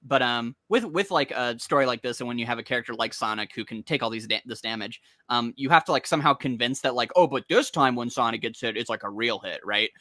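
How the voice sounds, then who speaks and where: A man talking quickly and excitedly in casual chat, piling on filler words as he rambles. His voice is bright, the sound dry and close. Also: medium pitch, no room sound. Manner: rambling, heavy use of "like", excited. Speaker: podcast co-host. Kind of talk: casual comic discussion.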